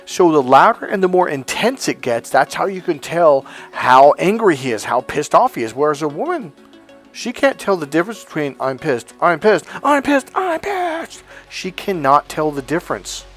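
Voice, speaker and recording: A man's voice: a little high, animated, normal speed, a bit bright, faint music behind. A man giving a blunt, profane coaching monologue on dating, emphatic and acting out quoted lines.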